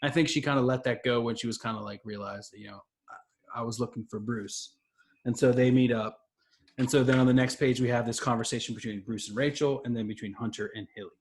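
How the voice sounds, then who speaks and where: A man's voice: medium pitch, steady tone, fast talker. Podcast co-host, male, rambling casual plot recap, loose and chatty. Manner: rambling, summarizes plot with many fillers. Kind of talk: casual comic book discussion.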